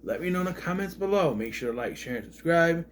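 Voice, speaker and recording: A man's voice: a little high, lively intonation, fast, slight background noise. A man, a father, reviewing a movie in a rambling, sarcastic, casual monologue, often repeating himself.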